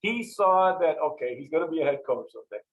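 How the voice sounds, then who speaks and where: In a storytelling interview, a longtime football coach recounts anecdotes with animation, acting out the exchanges he quotes. His voice is a little high and quick, and the audio sounds dull.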